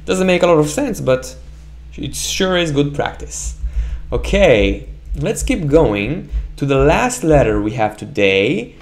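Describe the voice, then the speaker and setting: A man's voice: on the high side, darkish tone. A man teaching a Hebrew reading lesson, patiently drilling sounds and checking in with "right?" as he goes. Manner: repeats sounds slowly for the learner to echo, often checks with "right?". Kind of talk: slow, patient language lesson.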